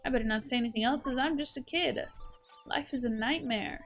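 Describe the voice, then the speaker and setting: A woman voicing a cheeky young village kid from a game, talking loudly and theatrically. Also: high-pitched, brisk, soft background music. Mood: whiny.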